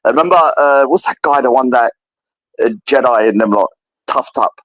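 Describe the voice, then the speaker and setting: A man in casual political chat, animated and repetitive, often acting out others in a higher voice. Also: brisk, dry recording, poor audio. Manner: animated, repeats himself, mimics others in a higher voice. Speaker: podcast co-host.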